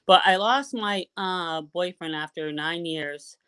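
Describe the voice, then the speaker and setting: A woman from Boston with a Boston accent, chatting excitedly and casually as a guest on a live call-in show, swearing now and then. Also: fairly low pitch, takes it slowly, clear, resonant tone. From Boston, USA. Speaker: caller guest.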